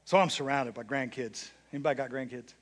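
An older man preaching a sermon as bishop, telling a story and swinging between hushed, low passages and loud, excited ones. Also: fast talker. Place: church.

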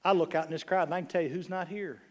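A pastor preaching a sermon to his congregation, swinging between loud exclamations and hushed, intimate lines, with casual asides. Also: fairly high pitch, fairly even intonation, rapid-fire. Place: church sanctuary.

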